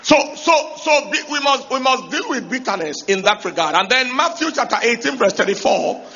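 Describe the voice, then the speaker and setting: A male preacher giving an emphatic sermon, raising his voice to shout key points and asking the congregation rhetorical questions. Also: very high-pitched, lively intonation, moderate pace, gravelly, lo-fi sound. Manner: emphatic, rising to shouts to drive points home.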